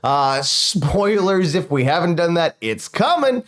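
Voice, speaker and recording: A man hosting a podcast in casual chat, telling stories in an animated way. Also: on the high side, unhurried. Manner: animated storyteller. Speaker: podcast host.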